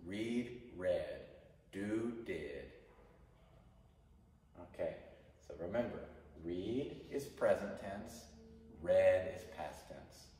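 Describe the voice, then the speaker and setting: A male English teacher giving a grammar lesson to a class, speaking slowly and repeating phrases for students to say after him. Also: sits low, warm tone. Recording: echoey hall, mic far off.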